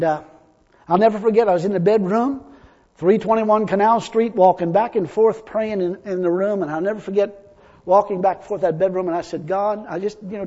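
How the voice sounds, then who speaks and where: A man preaching a sermon, telling stories in a chatty way and rising now and then into loud exclamations. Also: sits high, slightly rough. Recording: dull lo-fi audio with long hall reverb.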